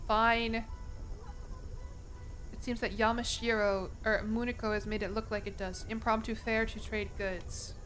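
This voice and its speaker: Young woman, streamer, profane, self-mocking, bright sharp tone, faint game music. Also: on the high side, level tone, a little slow. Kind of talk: casual gameplay commentary.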